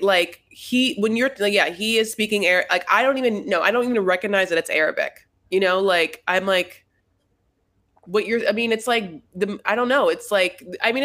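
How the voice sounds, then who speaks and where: A woman's voice: medium pitch, fairly bright tone. A woman co-hosting a podcast, chatting casually about a reality show, hesitant and trailing off with fillers. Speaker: podcast co-host.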